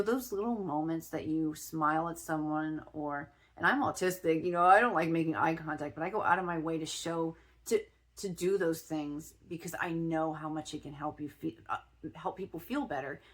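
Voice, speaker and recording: A middle-aged woman from Ohio telling a personal story in a chatty vlog, often restarting her sentences and filling pauses. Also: sits low. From Ohio, USA. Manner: chatty, with many restarts and fillers. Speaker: spiritual vlogger.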